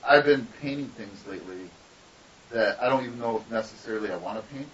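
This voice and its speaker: Talking fast in a lowish, fairly bright voice, a male guest artist rambles through profane stories during a relaxed podcast interview. The mic sounds distant and dull, lo-fi with a faint hiss.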